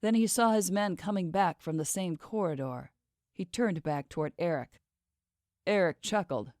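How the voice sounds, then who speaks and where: A woman narrates an audiobook in a steady, measured way. Her voice sits a little low. The sound is dry and close. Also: no room sound.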